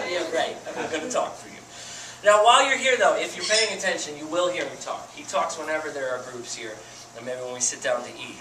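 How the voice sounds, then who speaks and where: A man who keeps animals, giving a chatty, animated educational talk to a group and laughing often. He is recorded from a distance with loud surroundings behind him. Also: mid-range voice, background noise. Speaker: animal keeper. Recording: echoey and distant with loud ambience.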